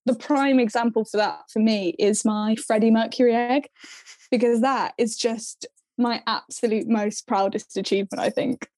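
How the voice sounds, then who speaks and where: A woman's voice: a little high, fairly even intonation, moderate pace, mellow, no room sound. A young woman from northern England, a guest chatting casually and giggling often about her craft. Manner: giggly, chatty, self-deprecating. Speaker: guest, egg decor maker. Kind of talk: casual chat.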